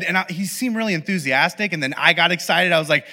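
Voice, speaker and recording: A man's voice: on the high side, brisk, few pauses, bright, forceful tone. A man preaching a sermon, telling a story with playful acted-out asides. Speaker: pastor. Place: church podcast recording.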